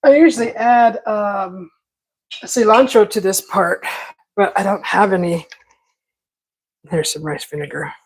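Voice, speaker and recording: A woman hosting a casual cooking vlog, rambling in a relaxed way with many fillers and restarts. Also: mid-range voice, measured pace, long pauses, slightly rough, poor audio. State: talking with mouth full at times. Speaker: cooking channel host.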